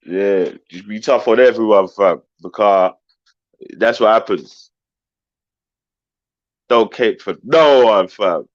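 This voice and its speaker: Man, very low voice, dry sound, brash slangy banter, host. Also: takes it slowly, pauses often, dry recording, muffled recording. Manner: brash slang-heavy banter, swears freely. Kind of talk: casual live-stream chat with callers.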